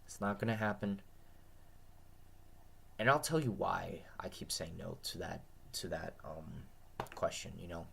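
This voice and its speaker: Man, lowish voice, tired, dry throat, rambling, repeats himself. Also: steady tone, unhurried, gravelly, long pauses, a bit bright, slight background noise. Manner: repetitive, earnest, restarts often. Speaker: vlogger. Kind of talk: casual rambling monologue.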